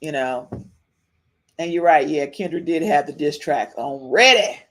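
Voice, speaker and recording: A woman's voice: low voice, lively intonation, a little slow. Chatty woman podcast host. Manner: chatty, repeats phrases, frequent "okay?" tags. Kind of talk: casual live-stream commentary.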